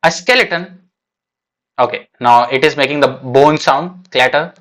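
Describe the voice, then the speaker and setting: This streamer reacts live to a manga chapter in a mid-range, fairly bright voice, talking a little slowly. His musings are casual and halting, packed with fillers and false starts.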